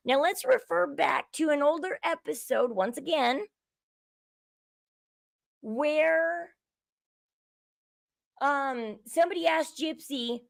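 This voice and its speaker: A woman's voice: high voice, a little slow, gravelly, no room sound. A woman hosting her own show, giving indignant, opinionated commentary on a reality show and repeating herself as she builds each point. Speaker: show host.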